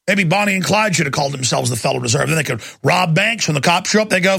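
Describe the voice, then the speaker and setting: A man's voice: high-pitched, lively intonation, fast, creaky, bright, forceful tone, husky, dry recording, clean studio sound. A male talk show host delivering an angry, sarcastic ranting monologue.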